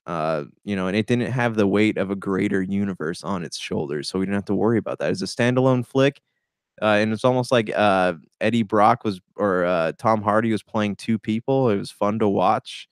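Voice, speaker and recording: A laid-back man co-hosting a casual movie talk, hesitant and filling his speech with "uh" and "man". His voice is fairly low. The recording is dry and close, with no echo. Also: brisk, clean tone. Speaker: movie podcast co-host. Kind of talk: casual movie review chat.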